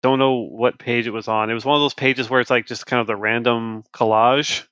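A man co-hosting a comics podcast in casual chat, animated, acting out lines in voices. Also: mid-range voice, a little fast, clear, resonant tone, no echo, lo-fi sound. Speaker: podcast co-host.

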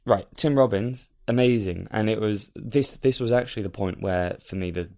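Grumbling man, lowish voice. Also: darkish tone. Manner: grumbling, critical, halting. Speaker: podcast co-host. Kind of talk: casual podcast chat.

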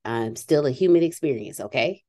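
A woman hosting a casual talk show, laughing often and dropping into quiet asides. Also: extremely low pitch, normal speed. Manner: animated, laughs often, drops to a hushed aside. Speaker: host. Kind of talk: casual chat.

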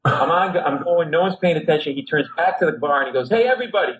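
Animated storytelling man, higher voice. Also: fast talker, rough recording. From Rhode Island, USA. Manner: lively anecdote teller who acts out other people's voices. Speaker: comedian guest. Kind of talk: animated storytelling on a talk show.

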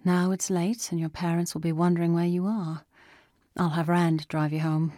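A woman narrator voicing a polite wealthy employer who speaks in a courteous, measured way. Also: fairly low pitch, flat delivery, mellow, dry recording, studio quality, lightly acted.

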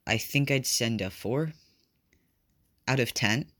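A man reading fan fiction aloud, voicing a blunt young volleyball player in short, flat lines close to his own voice. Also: mid-range voice, slow, no echo, voice pushed up. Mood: curt.

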